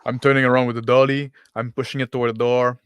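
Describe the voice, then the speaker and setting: Smooth-voiced casual male player. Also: medium pitch, flat delivery, fast, no echo, dull audio. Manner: casual, filler-heavy with "like". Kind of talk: in-character tabletop roleplay.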